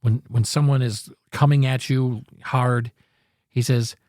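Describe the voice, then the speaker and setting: Earnest male podcast host, casual motivational talk, rambles and corrects himself, mid pitch, dead-dry room. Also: steady tone, measured pace, darkish tone, no room sound.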